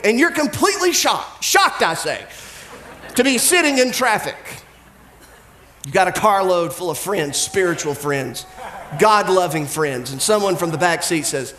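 A pastor giving a conversational sermon, telling humorous stories and mimicking people's voices. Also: male voice, high-pitched, lively intonation, moderate pace, a bit bright, roomy sound, a little hiss or hum.

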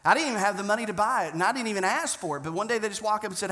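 Bright, high-voiced man preaching. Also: racing, few pauses. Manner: earnest, conversational storytelling with frequent restarts. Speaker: pastor. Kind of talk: sermon.

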